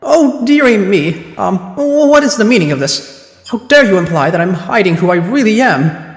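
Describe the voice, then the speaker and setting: A man doing a haughty middle-aged lady in a courtroom game, all prim outrage and upper-class airs. The voice is raised high and heard in an echoey room with a long, ringing reverb. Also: big pitch swings, normal speed. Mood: affronted. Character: haughty indignant middle-aged woman defendant.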